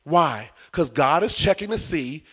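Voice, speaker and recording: Animated preacher man, high and lively. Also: measured pace, breathy edge. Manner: animated, acts out little scenes, asks the crowd questions. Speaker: bishop. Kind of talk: sermon.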